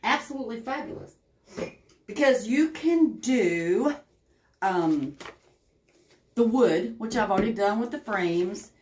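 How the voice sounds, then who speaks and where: A woman's voice: medium pitch, expressive, slow pace, long pauses, a little mellow. A woman with a Southern accent chatting casually on a craft livestream, greeting viewers by name as she works. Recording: echoey room.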